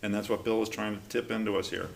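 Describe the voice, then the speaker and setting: A man's voice: on the low side, fast, vocal fry, a little hiss or hum. A man leading a recovery study class, talking casually and animatedly, acting out quotes as he goes. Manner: conversational, animated, acts out quotes. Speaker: class leader.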